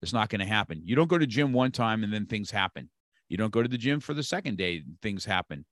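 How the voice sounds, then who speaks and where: Low-voiced guy around 60, punchy motivational talk, dry sound. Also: animated, brisk, no echo. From California. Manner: emphatic, repeats key phrases. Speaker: guest, martial arts instructor. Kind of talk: motivational conversation.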